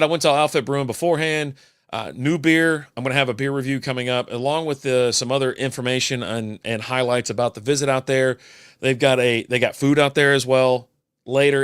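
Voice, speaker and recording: A man's voice: medium pitch, fairly bright tone, no echo. Profane rambling older man, dry close mic. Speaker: podcast host. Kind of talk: casual solo beer podcast rant.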